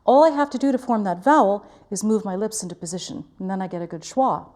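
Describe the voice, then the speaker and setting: Mellow-voiced woman teaching diction. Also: medium pitch, lively intonation, fast. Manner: clear, careful articulation, demonstrating vowels. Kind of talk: diction lesson.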